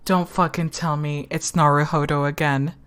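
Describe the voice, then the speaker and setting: A woman streamer giving casual, excitable commentary on a game, swearing freely. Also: low voice, moderate pace, heavy background noise. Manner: excitable, laughs often, swears. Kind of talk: casual let's-play commentary.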